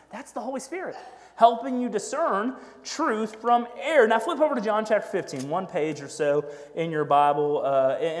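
High-voiced pastor preaching in an echoey hall. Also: male voice. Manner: conversational, frequent "right?" asides, self-deprecating humor. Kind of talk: sermon. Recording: echoey hall with long reverb.

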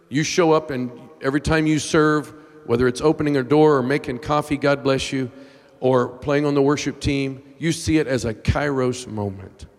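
A middle-aged man preaching in a large church hall, his voice trailing off into a long reverb. He tells his story with raw emotion, sinking to near-whispers and then climbing to shouts. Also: medium pitch. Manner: emotional, swings from hushed to shouting. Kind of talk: sermon storytelling.

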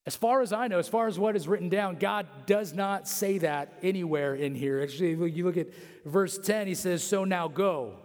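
A man's voice: high-pitched, moderate pace, darkish tone. A man preaching a casual, conversational sermon full of fillers and repetitions. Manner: conversational, heavy on fillers like 'like'. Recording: long hall reverb.

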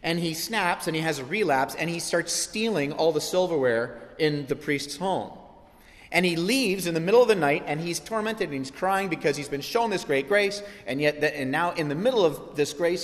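Man, pastor, animated sermon storytelling, slightly high voice, long hall reverb. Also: normal speed.

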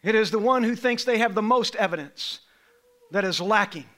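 High, bright-voiced impassioned male preacher. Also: normal speed. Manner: impassioned, swings from low and quiet to loud and high. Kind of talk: sermon.

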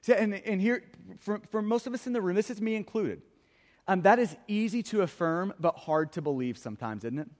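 A man's voice: high voice, expressive, a little fast, a little mellow, in a large hall. A man preaching a sermon as pastor, earnest, often repeating the first word of a phrase. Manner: earnest, repeats words when starting phrases. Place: church hall.

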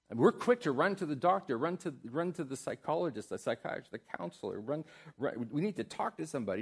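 Middle-aged guy pastor preaching, mid-pitched voice, goes loud and fiery then soft and prayerful. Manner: emphatic preaching, swinging from loud exhortation to soft, tender prayer. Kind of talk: sermon.

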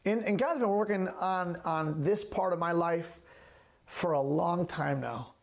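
A man's voice: high-pitched, a little slow, creaky. A man preaching a sermon as a pastor, emphatic, repeating key phrases and asking rhetorical questions.

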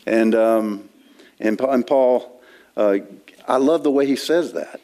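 With a warm tone and slow pace, a man speaks in a medium pitch while preaching an expository sermon in a church sanctuary. He talks conversationally, often restarting as he quotes and explains scripture.

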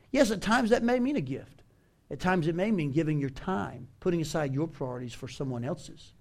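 A pastor from the American South, speaking with a Southern accent, preaches an animated, emphatic sermon and calls on his congregation to respond. His voice is a little high.

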